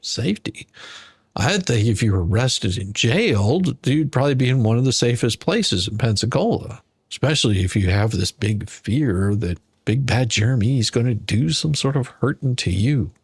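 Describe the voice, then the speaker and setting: A man's voice: medium pitch, animated, moderate pace, husky, no echo, studio quality. A man streaming sarcastic commentary on court filings, scoffing and mimicking whiny pleas. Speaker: YouTube legal commentary streamer.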